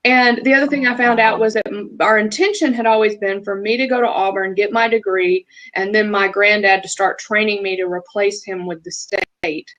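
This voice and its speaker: A woman's voice: mid-range voice, fairly even intonation, normal speed, few pauses, a bit bright, poor audio. Southern woman chatting on a video call. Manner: chatty, talks at length with small restarts. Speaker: guest, feng shui practitioner. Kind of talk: casual interview chat.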